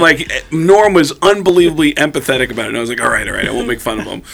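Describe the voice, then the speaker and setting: A man, a comedian guest on a radio show, telling an animated story and acting out the dialogue in a studio. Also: medium pitch, racing, creaky, hardly any pauses, a crowd in the background.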